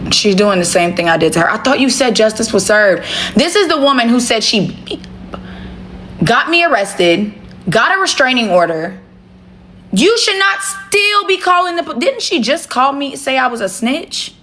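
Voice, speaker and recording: A woman hosts a phone livestream from her home, talking bluntly and casually straight to her viewers with plenty of swearing. Her voice is a little high and a bit bright, with lively intonation and a moderate pace. There's a little hiss or hum in the audio.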